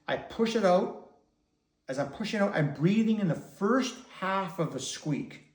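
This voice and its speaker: A man's voice: sits high, lively intonation, unhurried. Man teaching didgeridoo breathing, echoey room. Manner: patient, step-by-step explaining. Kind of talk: instructional demonstration.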